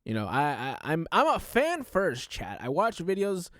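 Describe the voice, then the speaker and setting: A man streaming a reaction, talking casually in a loud, animated showman way. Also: a little high, moderate pace, no room sound, clean studio sound.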